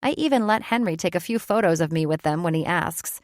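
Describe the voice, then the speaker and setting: A woman's voice: lowish voice, expressive, fairly quick, dry recording. A woman reads a first-person audiobook in a reflective, conversational way, close to the mic. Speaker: audiobook narrator.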